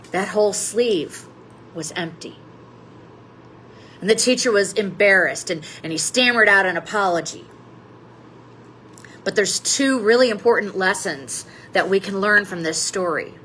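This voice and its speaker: A woman's voice: medium pitch, a bit bright, slight background noise, poor audio. A woman pastor giving a Lenten Bible study lesson, telling a story with dramatic emphasis.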